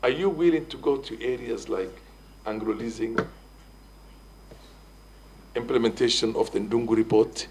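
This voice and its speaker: A man's voice: medium pitch, normal speed, pauses often, a little mellow, a little hiss or hum, low-quality recording. A man with a Kenyan English accent, a committee member pressing a nominee with formal, repeated questions.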